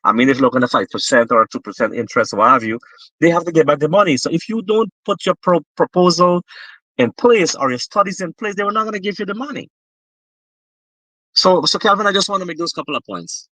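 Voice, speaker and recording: A man's voice: fairly high pitch, animated, fast, pushed and bright, no room sound, rough recording. A Guyanese man talking politics with passion, often restarting his sentences. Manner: impassioned, repetitive restarts. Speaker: political guest. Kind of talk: political discussion.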